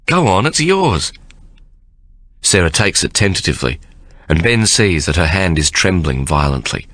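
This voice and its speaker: A man reading a novel aloud as an audiobook narrator, measured and expressive. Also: sits low, no echo, studio quality. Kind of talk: scripted narration.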